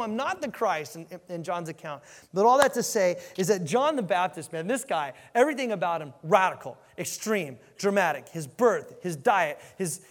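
A man with a fairly high voice delivers an animated sermon, stressing words and repeating himself to drive points home. His voice rings with the long reverb of a large hall. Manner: animated preaching with emphatic repeats. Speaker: pastor.

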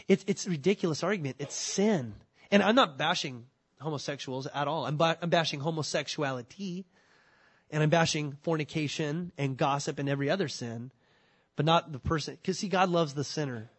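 Lively preaching man with a higher voice. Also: a little fast. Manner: animated, acts out quoted excuses in voices. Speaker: pastor. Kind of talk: sermon.

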